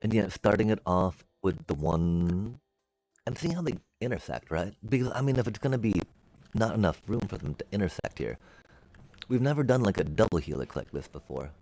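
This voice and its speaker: A man streaming a building game, musing aloud to his chat in a relaxed way and making playful beep-boop noises as he works. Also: on the low side, moderate pace, dry recording, soft background music. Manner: chatty, musing aloud, makes beep-boop sound effects. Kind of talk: casual gameplay commentary to live chat.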